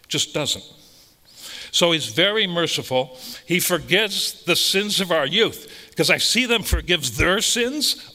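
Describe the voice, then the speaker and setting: A priest delivers a conversational sermon with a bright, forceful edge to his voice. He is blunt and emphatic, driving points home by repeating phrases. His words ring out with the long reverb of a large hall. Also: high voice.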